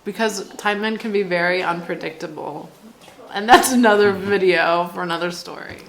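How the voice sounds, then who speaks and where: A woman's voice: fairly low pitch, normal speed, fairly bright tone. Chatty American woman telling stories. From United States. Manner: chatty, laughs often, says "like" a lot. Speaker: vlogger. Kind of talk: casual vlog storytelling.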